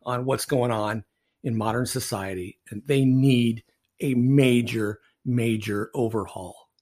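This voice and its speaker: A man's voice: medium pitch, fairly even intonation, slow, darkish tone. A man, a retired referee and podcast co-host, telling blunt, profane stories in casual sports talk.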